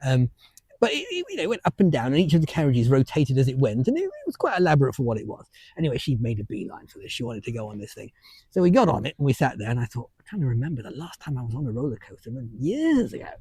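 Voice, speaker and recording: An older British man with a husky, mellow voice tells a chatty story, words tumbling out fast. His pitch leaps up and down animatedly, and the dry podcast sound keeps him close. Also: big pitch swings, dry recording. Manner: chatty storyteller with frequent restarts and chuckles. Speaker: podcast co-host. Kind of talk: casual chat.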